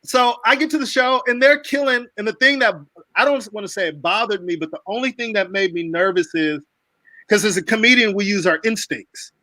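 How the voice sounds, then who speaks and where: A man from the United States hosting a casual video call chat, telling animated stories with swearing and frequent laughs. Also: high-pitched, brisk, no echo, rough recording. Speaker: host.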